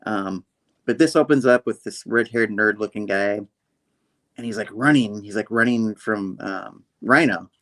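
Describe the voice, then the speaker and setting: A man's voice: lowish voice, measured pace, a bit bright. A man co-hosting a casual comic book review, retelling the story animatedly and laughing often. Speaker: co-host.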